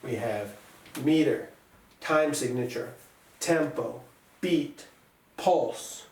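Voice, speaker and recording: A man's voice: mid-range voice, animated, very slow, darkish tone. A man teaching a music lesson, patiently counting beats aloud and sounding out rhythms for his students. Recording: echoey room, voice from a distance, faint noise.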